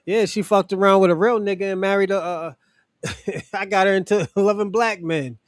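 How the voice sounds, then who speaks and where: Profane high-voiced man ranting. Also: steady tone, normal speed, dry recording. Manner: profane, mocking, laughs often. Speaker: livestream host. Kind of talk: casual livestream rant.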